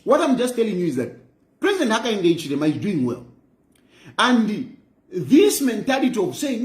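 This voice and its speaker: A man's voice: high-pitched, sing-song, normal speed, pauses often. A man with a Zambian accent, lecturing in a mocking way and repeating phrases for emphasis, recorded in an echoey room. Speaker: political commentator. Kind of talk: impassioned monologue.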